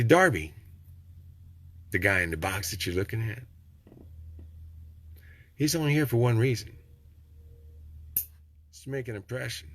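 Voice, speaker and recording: An older man talks straight at the listener in a folksy, preachy monologue. His husky voice rises and falls a great deal, dropping low and soft and then jumping up loud. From Texas. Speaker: vlogger. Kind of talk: rambling motivational monologue.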